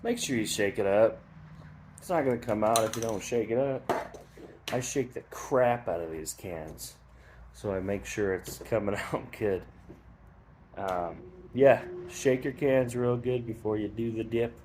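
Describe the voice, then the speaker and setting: In a casual how-to tutorial, a man demonstrates skull hydro dipping, rambling a bit in a relaxed way and joking at his own expense. His voice runs low and a little slow, with a bit of hiss or hum in the background.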